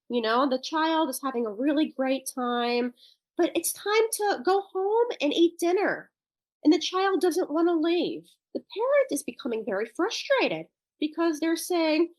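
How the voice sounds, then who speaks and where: A woman's voice: high voice, dry recording. A woman guest on a parenting podcast interview, explaining her work with parents in a thoughtful, loosely rambling way with restarts. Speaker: guest who works with parents.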